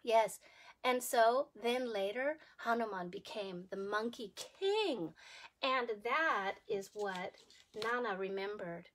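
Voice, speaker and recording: A woman preschool teacher telling a story to young children, animated and sing-song, asking them questions as she goes. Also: on the high side, slow pace, a little hiss or hum. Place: home.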